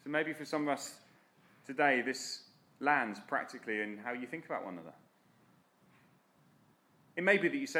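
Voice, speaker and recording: A man's voice: medium pitch, lively intonation, moderate pace, long pauses, bright, forceful tone. A man preaching a sermon in an earnest, direct, exhorting way.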